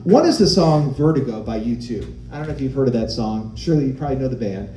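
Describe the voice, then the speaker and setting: A man performing stand-up with a lively voice that swings high and low. His tone is mellow and dark, and the sound is roomy like a live club stage. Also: fast, far from the mic, slight background noise. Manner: animated storytelling, acting out voices of others. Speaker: stand-up comedian. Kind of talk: stand-up comedy set.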